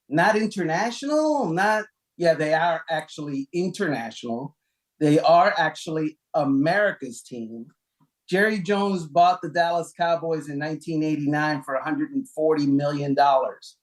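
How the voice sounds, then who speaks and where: A man co-hosting a casual sports talk show, counting down a list with lively, emphatic delivery and rhetorical questions. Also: low-quality recording. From Cuban heritage, raised in South Florida. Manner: animated, rhetorical questions, emphatic pitch jumps.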